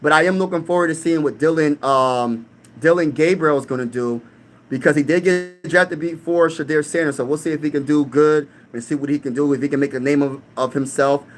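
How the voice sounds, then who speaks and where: A man's voice: fairly high pitch, a little fast, slight background noise. A young man from Pennsylvania hosting a casual live-stream sports talk, hyped and trash-talking while reading the chat aloud. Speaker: sports channel host.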